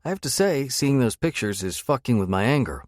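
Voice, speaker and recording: A man's voice: mid-range voice, big pitch swings, a little fast, no room sound, clean studio sound. A man narrating a first-person romance audiobook with a wry, sardonic edge. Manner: wry, sardonic inner monologue.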